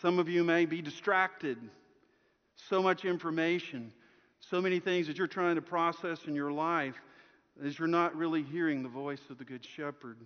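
A male pastor with a somewhat high voice delivers a sermon to his congregation. He tells his story dynamically, pressing out loud one moment and dropping to a near-hush the next. The sound is dull and lo-fi, with a long reverb trailing off the church walls. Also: steady tone, moderate pace. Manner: storytelling, swinging from strong projection to hushed softness.

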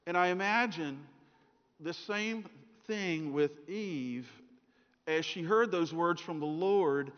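A middle-aged preacher delivers a sermon in a fairly high voice. He tells stories and slips into the voices of the people in them. The sound is dull and hangs in a long hall reverb. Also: slow pace. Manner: storytelling, acts out voices in anecdotes.

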